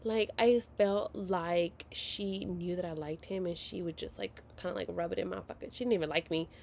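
A woman's voice: on the low side, steady tone, moderate pace, creaky, a little mellow, a little hiss or hum. A woman in her thirties telling a story to her viewers at home in a casual, dramatic and profane way, often dropping to a whisper. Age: 30s.

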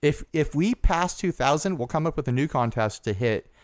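A man's voice: a little high, lively intonation, moderate pace, dry recording. A man co-hosting a podcast in casual chat, talking earnestly and rambling with restarts. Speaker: podcast co-host.

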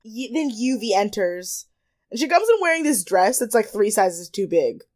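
A young woman co-hosts a podcast, chatting casually and animatedly, laughing and often quoting people in exaggerated voices. Her medium-pitched voice swings widely in pitch, is a little mellow, and moves at a moderate pace with no echo.

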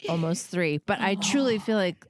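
A woman with a nasal voice, a podcast guest in casual chat, rambling and self-deprecating with quick asides. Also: medium pitch, a little hiss or hum.

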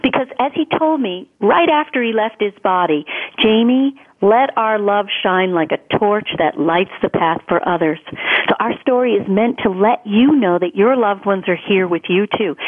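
A woman's voice: medium pitch, expressive, moderate pace, breathy edge. Woman telling a story over the phone. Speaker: guest author. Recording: tinny phone line.

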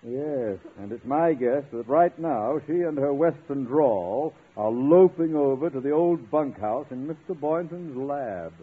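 A man's voice: medium pitch, expressive, unhurried, few pauses, husky. An actor playing a pompous, self-important male school administrator in a 1950s radio sitcom. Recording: tinny old radio broadcast.

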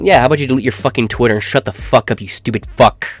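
A man's voice: medium pitch, fast, few pauses, no echo. A man ranting through a commentary with crude, profane, sneering talk.

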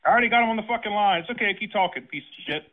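A man's voice: high voice, racing. A man on an angry phone call, furious, threatening and swearing. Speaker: prank call target. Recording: phone line.

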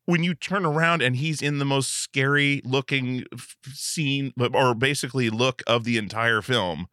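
A man's voice: medium pitch, normal speed, fairly bright tone, clean tone, no echo, clean studio sound. An American man hosting a podcast interview, asking eager questions that tumble out with restarts. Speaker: podcast host.

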